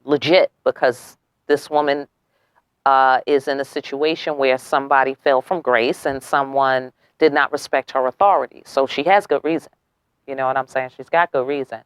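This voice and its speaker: A woman's voice: very deep voice, fairly even intonation, normal speed, smooth, dry recording, clean studio sound. A young woman giving a casual tarot reading, brash and profane, firing off rhetorical questions and tagging "okay?" onto her lines. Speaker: tarot reader.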